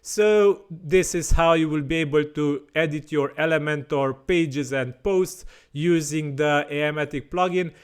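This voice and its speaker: Man walking through a software tutorial. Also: fairly high pitch, measured pace, hardly any pauses, clean tone. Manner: plain explaining with frequent fillers and restarts. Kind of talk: screen-recorded software tutorial.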